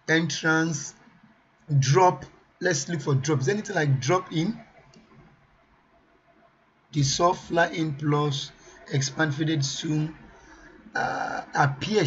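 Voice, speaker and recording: A man presenting a software tutorial, thinking aloud as he weighs each option and often repeats himself. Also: on the high side, highs cut off, slight background noise. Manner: muses aloud over choices, repeats himself.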